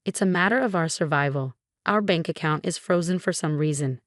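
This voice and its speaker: A woman's voice: low-pitched, fairly quick, dry recording, clean studio sound, natural voice. A woman voicing a pushy, scheming older mother-in-law who turns sugary and pleading.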